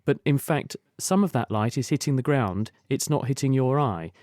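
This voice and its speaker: A man with a mellow, rounded voice explains the science patiently and fluently to a radio caller. His delivery is lecturing but conversational, and the recording is dry and close. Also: medium pitch, animated, moderate pace, no echo. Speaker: science expert answering listener questions.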